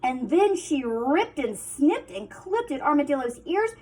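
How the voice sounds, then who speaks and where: A woman teacher reads a children's picture book aloud with expressive, sing-song storytelling. Her voice sits high and ranges widely, dropping to hushed asides now and then. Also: measured pace, few pauses.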